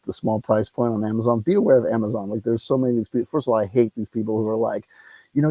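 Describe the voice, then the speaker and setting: A man with a lowish, dark-toned voice hosts a solo tabletop game on his channel, wearing a lapel mic. His casual commentary rambles and turns into rants, with plenty of swearing, and the recording is low quality.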